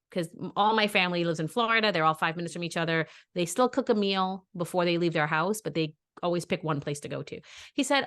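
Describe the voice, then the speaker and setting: A woman's voice: fairly low pitch, fairly quick. Blunt, opinionated woman podcast host. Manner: blunt, opinionated, animated storytelling. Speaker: mother. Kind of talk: casual chat.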